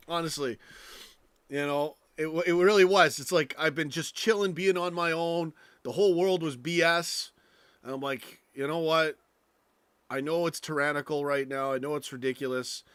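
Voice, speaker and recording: A man's voice: a little high, fairly bright tone, no echo. A man hosting a live stream, ranting angrily with lots of swearing and rambling stories. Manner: angry, profane, rambling rant.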